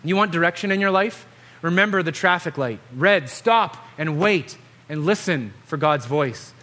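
A man's voice: a little high, animated, moderate pace, sharp tone. A man preaching an earnest sermon, exhorting and telling stories to the congregation. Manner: earnest, exhorting, storytelling delivery.

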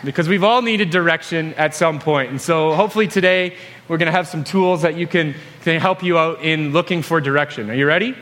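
A man preaching a sermon, retelling a story with jokes and lively, animated asides. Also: on the high side, brisk.

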